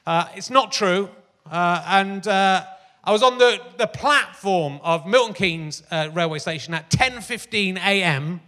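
A man's voice: high voice, a little slow, sharp tone. A man hosting a live comedy talk show on a theatre stage, rambling and self-mocking with plenty of fillers and restarts. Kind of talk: stand-up style chat on stage. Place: large theatre stage before a live audience. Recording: long theatre reverb.

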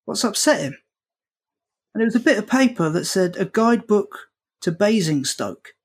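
A man tells a comic story as a podcast guest, switching into voices for the people he quotes. He talks in an animated way and swears freely, enjoying the tale as it unfolds. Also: high voice, normal speed. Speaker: comedian guest.

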